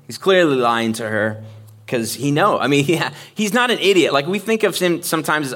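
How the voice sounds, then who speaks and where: A man preaching a casual sermon, talking in a conversational, joking, animated way. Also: a little high, normal speed. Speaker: pastor.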